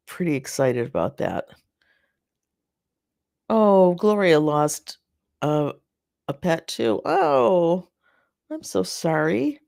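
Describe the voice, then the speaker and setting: A host of a live garden chat, from North America, talking casually and reading viewer comments in a rambling, halting way with many fillers and restarts, sympathetic toward the viewers. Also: mid-range voice, gravelly, a little mellow, dry recording, studio quality.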